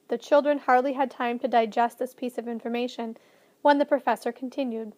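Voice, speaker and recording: High-voiced woman reading a storybook. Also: fairly even intonation, fairly quick, mellow. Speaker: narrator.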